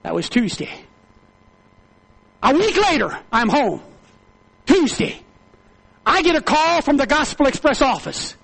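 High-voiced, gravelly man preaching a testimony. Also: very animated, measured pace, pauses often, fairly bright tone. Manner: fervent, emotional storytelling with repeated phrases. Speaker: prison minister. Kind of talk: testimony sermon.

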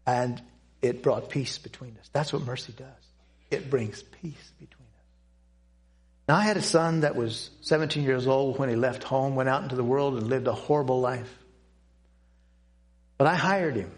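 An older man telling a personal testimony to a church audience, speaking in an earnest, halting way with pauses and restarts. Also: mid-range voice. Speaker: Christian speaker giving a testimony.

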